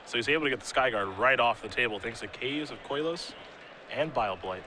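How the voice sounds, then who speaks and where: Bright-voiced male play-by-play commentator. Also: mid-range voice, brisk, a little hiss or hum. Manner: playful, teasing banter. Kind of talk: live tournament commentary.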